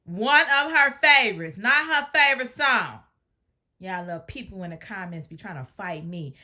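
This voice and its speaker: A woman's voice: mid-range voice, lively intonation, moderate pace, sharp tone. A woman hosting a reaction video, commenting on a clip in a sassy, teasing way.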